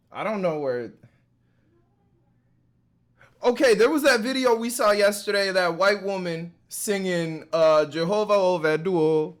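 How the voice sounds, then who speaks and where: Casual male streamer, slangy and animated, sits a touch high. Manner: loose, slangy, laughs often, lots of fillers. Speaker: streamer reacting to a video. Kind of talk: casual chat.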